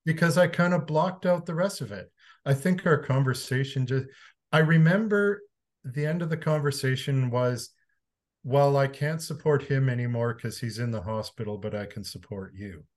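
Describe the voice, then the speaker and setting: A man from Canada, an interview guest, telling a personal story in a frank, conversational way, swearing casually and moving between calm and emphatic. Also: medium pitch, normal speed.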